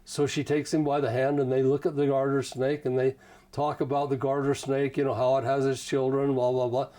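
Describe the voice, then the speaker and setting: Mellow-voiced man telling folksy stories. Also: mid-range voice, level tone, fairly quick. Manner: folksy, rambling, leans on "you know". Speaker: interview guest. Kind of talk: casual conversational storytelling.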